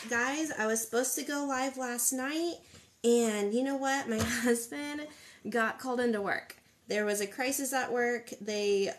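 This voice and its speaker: Woman, friendly craft-stream host, higher voice, slight noise under her. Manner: chatty, upbeat, greets viewers by place. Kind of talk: live-streamed craft tutorial, greeting viewers. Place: home craft table.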